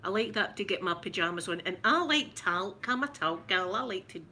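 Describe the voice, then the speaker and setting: A woman's voice: medium pitch, animated, fairly quick, pushed and bright, slight background noise. A middle-aged Scottish woman hosting a casual live chat with viewers, rambling and giggling with many restarts. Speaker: ASMR livestream host.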